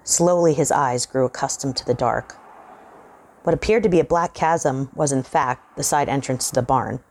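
A woman hosting and reading a horror story aloud in a measured, suspenseful way. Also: rumbling low, darkish tone. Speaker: host and reader.

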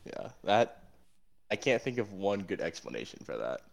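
A man's voice: deep voice, big pitch swings, moderate pace, creaky. A young man co-hosting a podcast, telling stories in an easygoing, casual way. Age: young adult. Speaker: podcast co-host. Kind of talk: casual chat.

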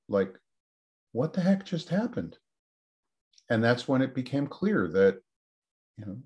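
With a low, darkish voice, a male researcher guest tells a story in response to an interview question, energetically performing the voices of the people he quotes.

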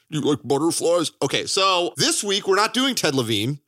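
A man hosting a casual film podcast, energetic and jokey, laughing often. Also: on the high side, normal speed, dry recording, studio quality. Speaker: podcast host.

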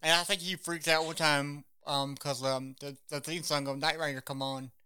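A man's voice: a little high, level tone, moderate pace, pushed and bright, clear, resonant tone. A man co-hosting a podcast, chatting casually about songs, hesitant with many fillers and trailing words. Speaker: podcast co-host.

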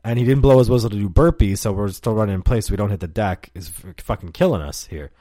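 A man's voice: lowish voice, fast talker, dark tone, dry recording. A man hosting a podcast, telling stories in a rambling, profane, casual way and laughing often, close to the mic. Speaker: podcast host. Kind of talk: casual storytelling monologue.

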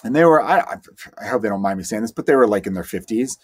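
A man who is a stand-up comedian, hosting his own solo podcast and telling stories in a rambling, animated way with quick asides. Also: fairly low pitch, slightly rough. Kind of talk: casual solo podcast monologue.

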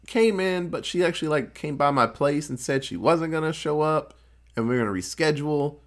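A man's voice: fairly high pitch, brisk, natural voice. A man voicing a male doctor hiding a crime, talking in an evasive, offhand way.

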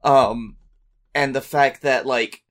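A man's voice: mid-range voice, steady tone, slow, a bit bright. Easygoing man in mid-range voice. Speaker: podcast co-host. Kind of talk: casual chat.

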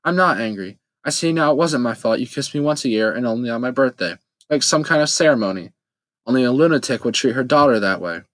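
A defiant young woman, as a male narrator reads her, cool and cutting as she accuses. Her lines land sharp and clipped. The reading is dry and close-miked. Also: mid-range voice, lively intonation, fast, no echo, lightly acted. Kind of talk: audiobook character voice.

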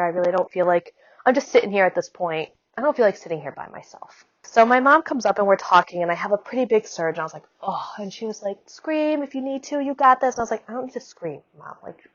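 A woman's voice: on the high side, no room sound. Brief: woman, thirties, chatty storyteller, dry close sound, a bit muffled. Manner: chatty, animated, quick asides with "like". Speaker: mother telling her birth story. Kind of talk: casual storytelling.

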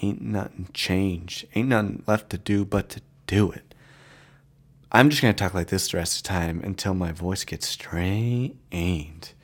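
A man putting on a hushed late-night radio DJ voice. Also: measured pace, breathy edge, exaggerated voice. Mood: sultry. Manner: low, hushed, crooning. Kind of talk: mock radio announcing.

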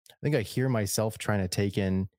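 A man co-hosting a podcast in casual chat, thoughtful and a little halting. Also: lowish voice, darkish tone, no echo, studio quality. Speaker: podcast co-host.

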